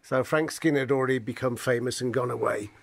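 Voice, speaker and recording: A man's voice: medium pitch, quick pace, vocal fry, no echo. A man hosting a radio chat show, asking short questions and reminiscing about the comedy club scene. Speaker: radio host.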